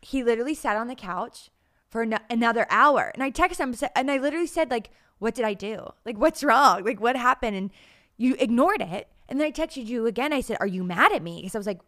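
A woman's voice: fairly high pitch, expressive, fast talker, a bit bright. Chatty woman telling stories. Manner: chatty storyteller, laughs often, acts out quotes. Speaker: podcast co-host. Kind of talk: casual chat.

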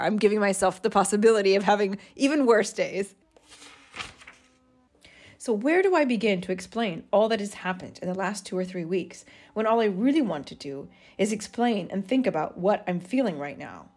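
A woman's voice: medium pitch, lively intonation, normal speed, darkish tone. Woman, 40s, podcast host, reads old journal entries, earnest, self-mocking. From United States. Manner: earnest, self-mocking, laughs at her younger self. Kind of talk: reading old journal entries aloud with commentary.

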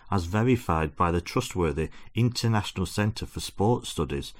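A man's voice: deep voice, natural voice. A man reading aloud as a pompous, self-deluding football-obsessed father lecturing his son. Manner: preachy, lecturing.

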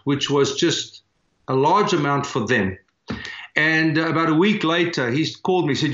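A man with a South African accent telling a personal story in an earnest, animated way, filling pauses as he goes. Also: a little high. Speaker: guest, church planter. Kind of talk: storytelling in conversation. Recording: echoey, dull remote audio.

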